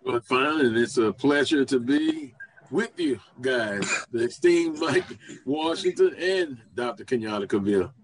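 A man who is a guest on a sports radio show, answering in a measured way with hesitant restarts. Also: mid-range voice, expressive, slight background noise. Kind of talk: interview answers.

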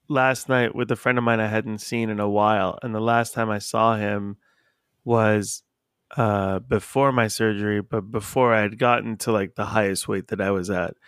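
A man hosts a casual podcast chat in a playful, easygoing way. His voice is smooth and resonant, and the sound is dry and close with little room echo. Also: mid-range voice, fairly bright tone. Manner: chatty, laughs easily, playful. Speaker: podcast host.

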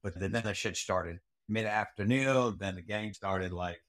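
A man's voice: sits low, moderate pace, a bit bright, dry recording, clean studio sound. A middle-aged man, a retired Army Ranger staff sergeant, telling a long story in a casual interview, rambling with fillers and restarts and plenty of swearing. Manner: rambling, frequent fillers and restarts, salty language.

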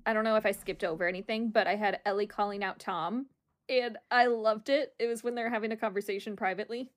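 A woman co-hosting a podcast in casual chat, excitable and laughing a lot, swearing freely as she recaps a reality show. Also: mid-range voice, fast talker. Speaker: podcast co-host.

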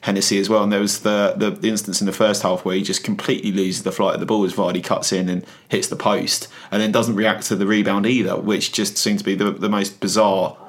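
A man co-hosting a football podcast, giving dry, measured analysis. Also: on the low side, little pitch movement. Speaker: podcast co-host. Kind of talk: casual football chat.

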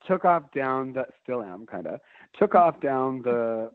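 A man's voice: mid-range voice, big pitch swings, measured pace, dry recording. A man telling a long story in casual chat, swearing freely and rambling with fillers and restarts. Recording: phone-like narrow band.

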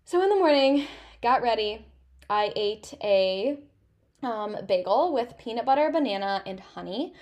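A woman's voice: fairly high pitch, expressive, measured pace, a little mellow. A young woman hosting her own podcast, telling a story in a chatty, casual way full of "like" and "um". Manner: chatty, filler-heavy storytelling with lots of "like". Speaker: podcast host.

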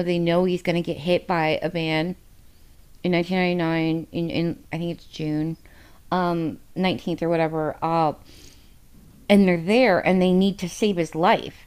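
A woman's voice: fairly low pitch, clear, resonant tone. A woman co-hosting a podcast, chatting casually and emotionally about books, swearing freely and rambling with fillers. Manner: candid, emotional and heavy on profanity. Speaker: podcast co-host. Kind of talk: casual book discussion.

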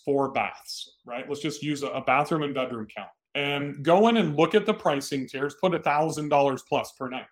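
Plain-spoken man hosting a podcast. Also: on the high side. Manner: direct, coaching, plain-spoken. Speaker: podcast host. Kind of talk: solo podcast advice talk.

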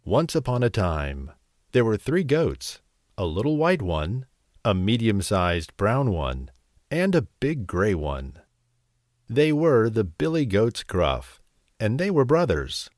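A man narrating a bedtime story in a slow, expressive, gentle way. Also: on the low side, no room sound, clean studio sound.

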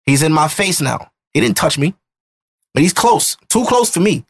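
A man's voice: on the high side, normal speed, creaky, breathy edge. Heated man in his thirties telling a story. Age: 30s. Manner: emotional, animated retelling with acted-out quotes. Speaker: podcast host. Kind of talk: casual storytelling chat.

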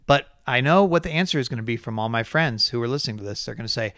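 A man's voice: mid-range voice, quick pace, no echo, clean studio sound. A man co-hosting a racing podcast, ranting in casual chat and exasperated as he mocks other people's views. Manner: animated, exasperated, mocks others in quoted voices. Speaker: podcast host.

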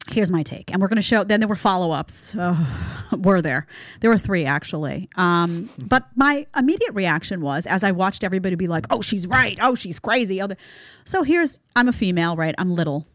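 Lady host riffing casually, lowish voice, dry close mic. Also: normal speed, no echo. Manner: animated, acts out quotes with put-on voices; lively, chatty. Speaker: show host. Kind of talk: casual commentary.

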